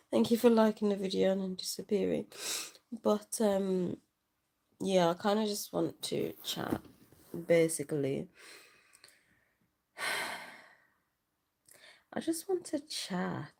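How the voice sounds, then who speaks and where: A young woman rambling softly in an unplanned livestream chat, sad and tearful, talking into a handheld phone. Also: mid-range voice, animated, takes it slowly, vocal fry, pauses often. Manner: rambling, soft-spoken, trailing off. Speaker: vlogger.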